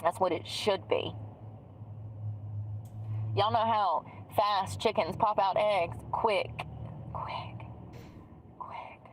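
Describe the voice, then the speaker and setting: A woman's voice: medium pitch, slow pace, long pauses, a little hiss or hum, low-quality recording. A woman vlogging from inside a vehicle, ranting in a sarcastic, profane way. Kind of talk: ranting vlog.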